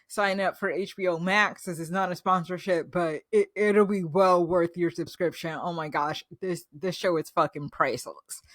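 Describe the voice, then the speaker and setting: A woman's voice: mid-range voice, a bit bright, no room sound, clean studio sound. A woman vlogger recapping a show in a gushing, enthusiastic, chatty way, full of fillers. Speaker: reaction vlogger. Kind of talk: casual reaction recap.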